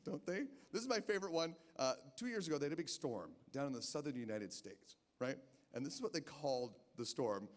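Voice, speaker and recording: A stand-up comedian on a casino stage rambles in an expressive, medium-pitched voice, moving a little fast and stammering through restarts. The audio carries the long hall reverb of a live venue.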